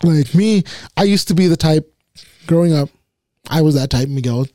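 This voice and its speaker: Man, casual rambler, swears freely, low mellow tone, dry sound. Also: animated, moderate pace, no echo. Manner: rambling, says "like" and "way" a lot, swears. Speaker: podcast co-host. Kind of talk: casual chat.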